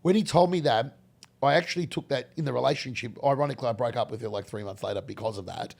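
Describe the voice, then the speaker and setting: Gravelly Australian man telling stories. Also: mid-range voice, quick pace. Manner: animated, rambling anecdotes with many restarts. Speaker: guest. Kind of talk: casual storytelling interview.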